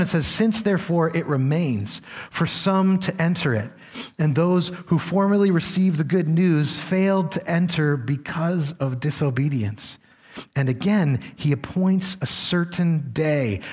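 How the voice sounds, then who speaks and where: Male pastor, high voice, earnest sermon delivery with quiet, low warnings. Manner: earnest preaching, dropping low and soft for warnings.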